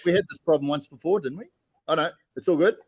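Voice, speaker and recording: Easygoing Australian co-host, a bit higher voice. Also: male voice, quick pace, darkish tone, husky. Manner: laughing, easygoing, restarts often. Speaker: podcast co-host. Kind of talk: casual podcast chat.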